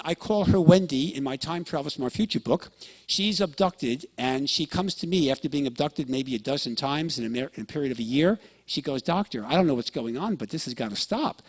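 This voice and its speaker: Speaking fast in a fairly high voice, this male lecturer tells stories to his audience and performs the dialogue he quotes. He addresses the room often, checking in with listeners as he goes.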